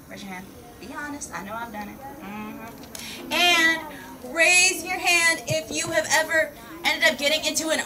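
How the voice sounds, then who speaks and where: Female educator, high and bubbly, big exclamations for a class of kids; distant outdoor recording with noise. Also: bright, forceful tone. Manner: exuberant, exclamatory, calls the kids "my people" and "y'all". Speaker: peace educator teaching children. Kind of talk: enthusiastic classroom lesson.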